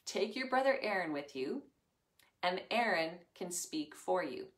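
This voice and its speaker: A woman's voice: lowish voice, expressive, a little slow, reverberant. A woman voicing a patient, commanding God. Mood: reassuring. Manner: patient, reassuring instructions. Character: calm, patient, commanding divine voice.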